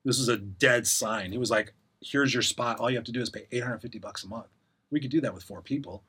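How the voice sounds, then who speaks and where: Middle-aged male guest, husky and quick, rambling anecdotes with acted-out quotes. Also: medium pitch, sharp tone. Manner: rambling, acts out quoted voices. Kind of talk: casual storytelling interview.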